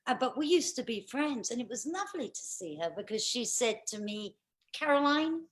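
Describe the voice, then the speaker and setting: A woman's voice: on the high side, lively intonation, normal speed. An older British woman doing chatty stand-up comedy over a video call, telling dry, bawdy stories with punchlines. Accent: British English.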